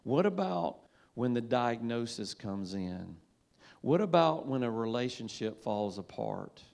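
A male pastor delivering a sermon in a church in a folksy, conversational voice of middle pitch. He talks easily and casually, breaking into call-and-response repetition with his listeners. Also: big pitch swings, unhurried, darkish tone. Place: church sanctuary.

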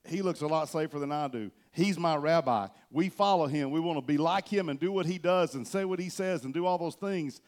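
A man's voice: on the high side, a little fast, few pauses, natural voice. A man voicing an eager, impulsive male apostle in a retold scripture scene, talking in a rambling rush.

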